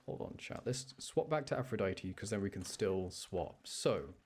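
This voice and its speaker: A man's voice: on the low side, expressive, normal speed, husky. A young man chatting casually to his live chat while he plays a game, rambling from thought to thought. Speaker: live streamer.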